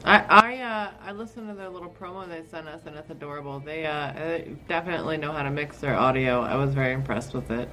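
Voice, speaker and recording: A woman's voice: sits low, quick pace, hardly any pauses, pushed and bright, faint music behind. A woman co-hosting a podcast, chatting in an amused, laid-back way and laughing easily. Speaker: podcast co-host. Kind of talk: casual podcast chat.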